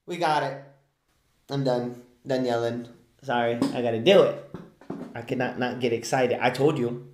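Excitable man streaming in an echoey room. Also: mid-range voice, moderate pace, long pauses, a little hiss or hum. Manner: excitable, yells at big wins. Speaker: scratch-off lottery streamer. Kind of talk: live-stream commentary.

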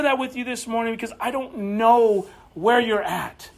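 A man's voice: very high voice, normal speed, gravelly. A man preaching a sermon in church, telling stories conversationally, often repeating words and rising to emphatic peaks. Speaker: pastor.

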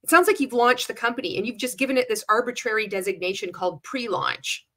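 A woman with a fast, expressive, somewhat bright voice on the high side gives sarcastic commentary on a clip she's watching. She's reacting to a sales pitch, blunt and full of swearing, breaking into laughter between remarks in this casual commentary.

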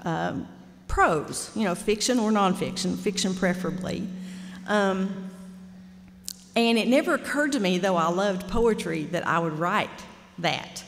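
A middle-aged woman, telling a candid, animated story while teaching a fiction master class. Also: medium pitch, unhurried, gravelly. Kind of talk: storytelling lecture. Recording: reverberant lecture hall.

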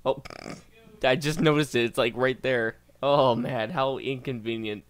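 A man's voice: medium pitch, fairly even intonation, measured pace, smooth. A man doing casual reaction commentary as a YouTuber, reading posts aloud, stumbling over words and bursting out in disbelief.

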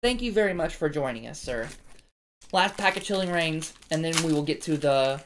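A woman's voice: low voice, lively intonation, brisk, a little hiss or hum. A woman hosting a card-opening video, chatting to viewers in a chatty, self-deprecating way. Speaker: card-opening channel host. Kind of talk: casual chat while opening card packs.

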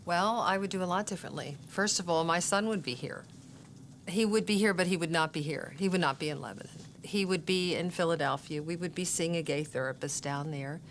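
A woman's voice: fairly low pitch, fairly quick, slight background noise. A middle-aged woman speaking as a mother of a son who died, earnest and emotional, her voice breaking with grief. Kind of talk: emotional interview testimony. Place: interview gathering with parents and youth.

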